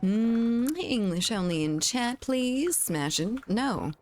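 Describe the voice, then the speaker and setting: A woman's voice: fairly high pitch, lively intonation, slow pace. A woman streaming a shooter game, chatting casually with her viewers and reading their messages aloud. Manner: chatty, reads chat aloud, laughs often. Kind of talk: casual gaming stream chat.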